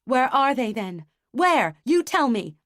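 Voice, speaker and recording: A woman reading an audiobook, voicing a panicked young mother who sobs and shouts in a raised, strained voice. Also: high-pitched, sing-song, slow pace, no room sound, studio quality, pitched above the performer's own voice, heavily acted.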